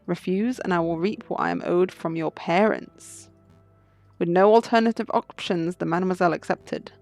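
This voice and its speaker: A woman's voice: lowish voice, normal speed, darkish tone, no echo, soft background music, close to an everyday voice. A woman voicing a suave male fox fugitive who speaks in a poised, riddling storyteller manner. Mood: cryptic.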